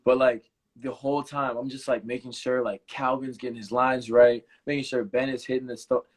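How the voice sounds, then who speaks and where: A young channel host runs a casual live Q&A, his mid-range voice level in tone and moving at a moderate pace. He tells stories in a laid-back way, leaning on "like" constantly, using plenty of other fillers and repeating himself.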